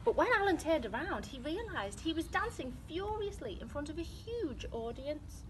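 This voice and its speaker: A British woman, an infant school teacher, reading a picture book aloud to children in a slow, expressive read-aloud manner. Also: high voice, a little hiss or hum. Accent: British English.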